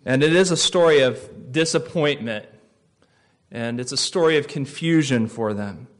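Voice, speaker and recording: A male pastor giving a sermon, telling the story vividly and dropping to soft, slow phrases for effect. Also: medium pitch.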